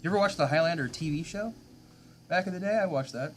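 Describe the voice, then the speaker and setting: A man's voice: fairly high pitch, fast, slight background noise. A man streaming a game live late at night, rambling casually and answering viewers' chat.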